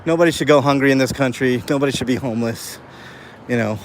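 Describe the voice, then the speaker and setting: A live streamer walks through a city talking quickly in a mid-range voice, rambling earnestly to his chat and leaning heavily on fillers. Traffic and faint street noise fill the outdoor background of this vlog-style stream.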